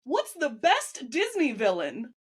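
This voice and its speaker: A woman hosting a podcast, asking playful, teasing quick-fire questions. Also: high-pitched, huge pitch swings. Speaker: podcast host.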